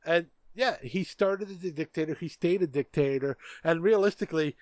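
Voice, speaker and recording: Male podcast co-host, blunt and profane, slightly high voice, dry close sound. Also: normal speed, a little mellow, dry recording. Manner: blunt, profane, stammers on restarts. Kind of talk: casual political chat.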